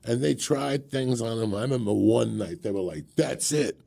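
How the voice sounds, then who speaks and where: A man in his sixties tells a rambling, profane story on a podcast. His voice is gravelly and husky with a dark, mellow tone. He drops swear words freely and chuckles between the lines. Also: mid-range voice, moderate pace. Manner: profane, animated, laughs through his stories.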